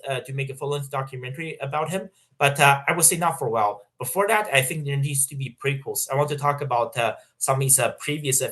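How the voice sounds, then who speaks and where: A young man hosting a livestream, reading out viewer questions and answering in a halting, filler-heavy casual way. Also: medium pitch, bright, forceful tone. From Canada. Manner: halting, many fillers and restarts, laughs often. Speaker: livestream host. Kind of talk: casual livestream chat reading super chats.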